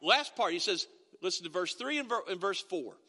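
High, bright-voiced man preaching in a big hall. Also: big pitch swings, brisk. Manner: folksy, conversational storytelling with many restarts. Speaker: pastor. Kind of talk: sermon. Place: church sanctuary.

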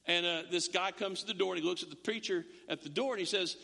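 A man's voice: high voice, fast talker, gravelly, hardly any pauses, bright, forceful tone. A male pastor giving a conversational sermon in a church, full of stammering restarts and joking asides. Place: church sanctuary. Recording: long church reverb.

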